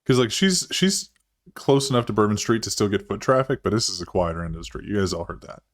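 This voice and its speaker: Low voiced guy running a tabletop game, rambly, lots of "like" and "um", swears casually. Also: animated, fast talker. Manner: loose and rambling, heavy with fillers and swearing. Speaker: game master. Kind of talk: improvised tabletop narration.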